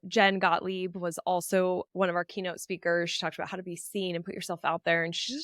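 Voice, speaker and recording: A woman hosting a podcast, talking enthusiastically and warmly on her own about her business event. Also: lowish voice, clean tone, no echo, clean studio sound. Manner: enthusiastic, upbeat, heartfelt. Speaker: podcast host. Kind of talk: solo podcast recap.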